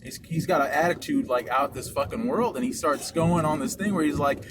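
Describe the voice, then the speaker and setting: A young man tells a story in an animated, swear-heavy, emphatic way, his voice sitting fairly high for a man. He sounds like he is talking in a moving car. Loud road and cabin noise runs under every word. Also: fairly quick, few pauses. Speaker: podcast co-host. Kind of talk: casual storytelling chat. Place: car during a delivery drive.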